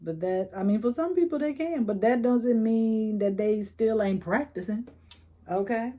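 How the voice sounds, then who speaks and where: A woman's voice: a little high, a little slow, mellow. A woman doing a casual tarot reading, chatty and coaching, using slang and laughing now and then. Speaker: tarot reader.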